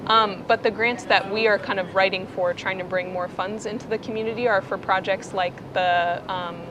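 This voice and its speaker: A woman guest on a talk show, explaining her work in a relaxed way with frequent fillers. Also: medium pitch, moderate pace. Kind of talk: casual chat. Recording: clear background noise.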